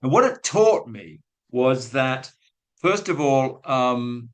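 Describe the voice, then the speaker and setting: Speaking slowly but with plenty of animation, a man with a medium-pitched voice shares a classroom anecdote during a webinar for teachers. As a guest speaker on language teaching, he keeps it chatty and pokes fun at himself, acting out what people said. The audio is low quality.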